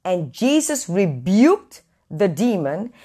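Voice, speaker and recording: Woman preacher, live stream host, bubbly, greets viewers, mid pitch. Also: takes it slowly, breathy edge. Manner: warm, excitable, greets viewers by name with high squeals. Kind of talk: lively live-stream Bible teaching. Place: away from home, indoors.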